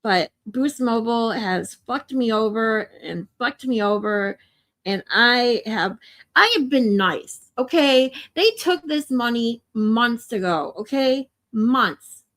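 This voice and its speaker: A woman's voice: a little high, lively intonation, slow pace, fairly bright tone. Emotional woman, swearing livestream host. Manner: emotional, swearing, chatty with viewers. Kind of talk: casual livestream chat.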